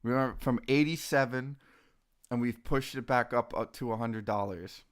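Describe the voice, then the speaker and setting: A young man casually chatting on a live stream while trading stocks, excitable and slangy, greeting viewers by name. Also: medium pitch, moderate pace. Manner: excitable, talks to chat and his dogs, says dude a lot.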